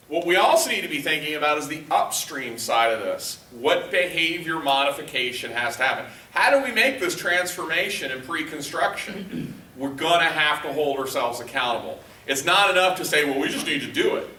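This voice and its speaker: A man's voice: fairly high pitch, bright, forceful tone. A male trainer giving a conversational workshop lecture to a live group, often quizzing the room and using lots of fillers. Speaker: leadership trainer. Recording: echoey room, voice picked up from a distance.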